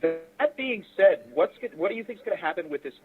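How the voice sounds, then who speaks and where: A man's voice: sits high, expressive, brisk, husky. A man hosting a casual interview, teasing his guest with jokes. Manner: joking, teasing. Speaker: podcast host. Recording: tinny phone-like audio.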